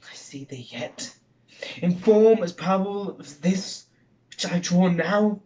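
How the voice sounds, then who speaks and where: A man performing a brooding Scottish murderer-king on the edge of a killing, his Scottish accent in every line. He sinks to whispers and then rises to declaim, at a slow, weighty pace in a slightly high register. The recording sounds dull and lo-fi. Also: steady tone, far from the mic. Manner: swings between hushed whispers and raised declaiming. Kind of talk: theatrical Shakespeare monologue.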